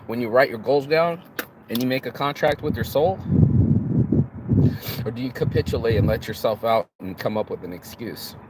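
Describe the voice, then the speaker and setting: A man's voice: medium pitch, moderate pace, pauses often. A man giving an unscripted motivational talk, asking rhetorical questions and often restarting his words. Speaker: motivational vlogger. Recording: outdoor traffic noise.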